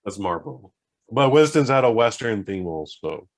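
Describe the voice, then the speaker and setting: A man co-hosting a casual comedy podcast, dropping dry, deadpan quips. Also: lowish voice, normal speed. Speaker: podcast co-host.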